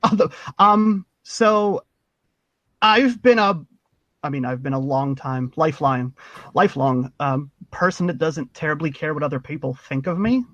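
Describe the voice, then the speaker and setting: A man's voice: a little high, animated, moderate pace, fairly bright tone, no echo, highs cut off. A man from Pittsburgh, a podcast guest in casual chat, chatty, laughing often and restarting his sentences.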